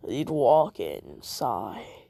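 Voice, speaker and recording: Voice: medium pitch, big pitch swings, very slow, creaky, dark tone, dry recording. A fan storyteller rambling through a story, full of fillers and self-corrections.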